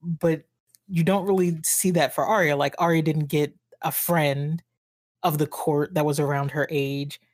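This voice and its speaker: A woman's voice: sits low, steady tone, a little slow, dry recording, clean studio sound. A woman co-hosting a podcast, talking casually about a book and often restarting her sentences. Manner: hesitant, restarts, many fillers like "like". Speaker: podcast co-host.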